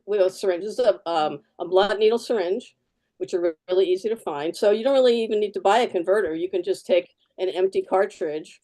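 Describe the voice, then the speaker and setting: A woman's voice: medium pitch, fast, warm tone. A woman artist giving a live fountain pen demo, chatty and practical, repeating key words for emphasis. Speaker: artist demonstrating fountain pens.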